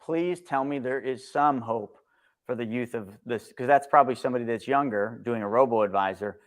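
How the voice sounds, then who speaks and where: A middle-aged man co-hosting a live-stream market show, talking bluntly and sarcastically with animated swings. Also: mid-range voice, brisk. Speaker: co-host.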